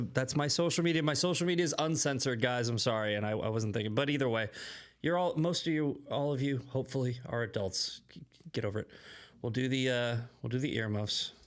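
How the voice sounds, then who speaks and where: A man hosting casual political commentary, blunt and conversational, often checking in with "okay". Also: medium pitch. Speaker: host.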